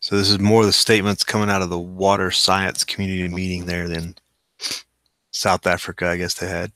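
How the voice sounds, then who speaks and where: A man hosts a casual news show, reading articles aloud and slipping in wry, skeptical asides between the quotes. His voice is low-pitched, flat, fairly quick and sharp, and the recording is dry.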